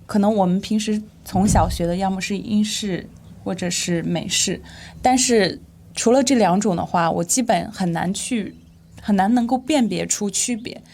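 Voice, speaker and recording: A woman's voice: medium pitch, normal speed, slight background noise. A woman whose first language is Chinese, co-hosting a casual chat and asking curious questions. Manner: soft backchannels, curious questions. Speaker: co-host.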